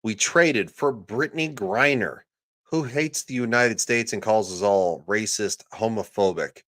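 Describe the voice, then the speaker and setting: A man with a lowish voice rants through a livestream in a sarcastic, crude manner. He breaks off to read viewers' chat comments aloud. The recording is dry and close, with no room sound. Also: a little slow, a bit bright, dry recording. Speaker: livestream host.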